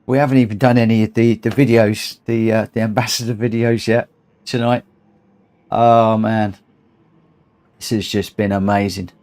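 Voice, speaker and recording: A man's voice: on the low side, level tone, normal speed, long pauses, a little mellow. A tired man hosting a long charity gaming livestream, chatting casually, rambling and repeating himself as he gets emotional. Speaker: livestream host.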